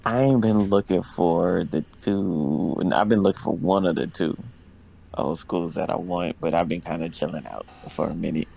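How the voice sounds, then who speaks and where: Deep, gravelly man chatting laid-back. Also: moderate pace, dark tone. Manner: laid-back, says "bro". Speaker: podcast guest. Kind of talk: casual chat.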